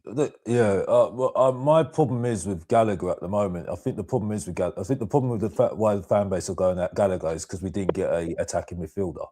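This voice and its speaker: A man's voice: low-pitched, fast, hardly any pauses, dark tone. A man calling into a football chat stream, searching for words and repeating phrases as he builds his point. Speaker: guest caller.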